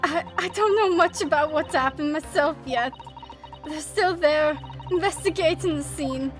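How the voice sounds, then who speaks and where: Woman doing a high-voiced young police girl, rough working-class speech, slow delivery, game voice. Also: soft background music. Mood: distraught. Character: young female scrappy London police apprentice.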